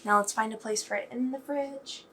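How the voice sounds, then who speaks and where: A woman's voice: fairly high pitch, moderate pace, slight background noise. A young woman in her home kitchen, chatting casually and self-deprecatingly as she narrates her baking vlog. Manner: chatty and self-deprecating, bursting into excited squeals. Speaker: vlogger.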